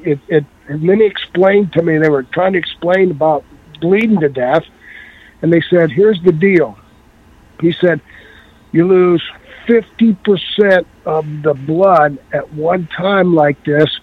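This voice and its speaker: A man telling a long story in a casual, animated way and acting out the voices of the people in it. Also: a little high, measured pace. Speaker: guest. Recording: tinny phone-like line.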